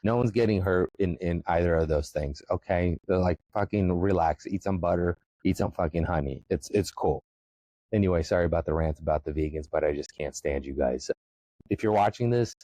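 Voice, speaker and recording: A man from the former Soviet Union, hosting a podcast and delivering a profane, emphatic comedic rant that often jumps into a high excited pitch. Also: no room sound, rough recording. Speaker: podcast host.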